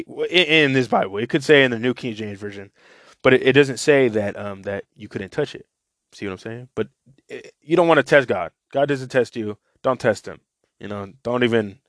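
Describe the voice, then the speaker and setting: A man's voice: medium pitch, no room sound, studio quality. A man reading the Bible aloud and chatting loosely between verses, full of "you know"s. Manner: loose, filler-heavy asides, many "you know"s. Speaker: Bible reader and teacher. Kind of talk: casual Bible reading with commentary.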